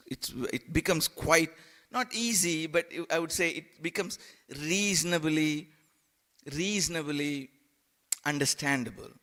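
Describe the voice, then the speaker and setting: A man preaching a sermon in a temple hall, halting and repeating words, with playful asides. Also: a little high, bright, forceful tone.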